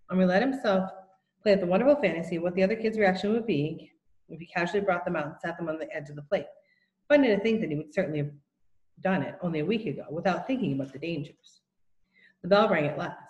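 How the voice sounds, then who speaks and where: A woman reading a children's novel aloud as narrator, in a steady, plain storytelling manner. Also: lowish voice, highs cut off. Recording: roomy echo.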